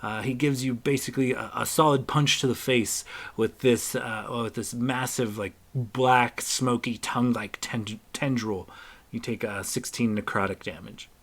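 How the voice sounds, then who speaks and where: Acting as game master, a man narrates a tabletop game, halting often with many fillers. His voice is mid-range, steady in tone, and a bit bright.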